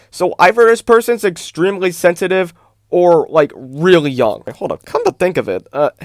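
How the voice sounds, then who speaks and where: A man's voice: sits high, lively intonation, moderate pace, no echo, clean studio sound. A man giving a casual, exasperated commentary rant, full of "like" and "bro". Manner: exasperated, fills talk with "like" and "bro". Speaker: YouTube commentator.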